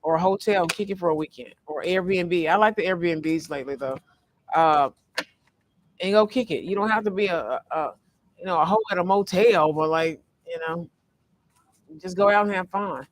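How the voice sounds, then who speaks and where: A man giving a casual, rambling tarot reading from a fast-food restaurant, full of fillers and restarts. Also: sits high. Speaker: tarot reader. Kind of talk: casual spiritual card reading vlog.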